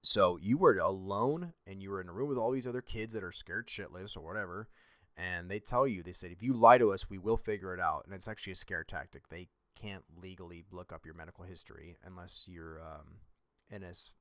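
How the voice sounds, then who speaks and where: A man's voice: sits low, brisk, fairly bright tone, dry recording, clean studio sound. A young man hosting a podcast, telling a personal story in a blunt, rambling and profane way. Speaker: podcast host.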